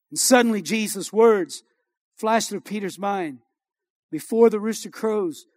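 A man with a very high voice preaches a sermon from a church, swelling into rousing emphasis. The sound is dry and close. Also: no room sound. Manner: preaching with rising, exhorting emphasis. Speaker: pastor.

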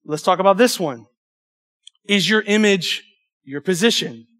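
Young male youth pastor, high-pitched, animated preaching, stumbles through asides. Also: a little slow. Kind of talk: sermon.

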